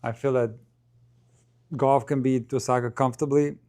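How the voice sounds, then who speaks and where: A man's voice: medium pitch, fairly even intonation, moderate pace, a little mellow. A man giving casual live commentary on a match, thinking aloud and talking to his viewers.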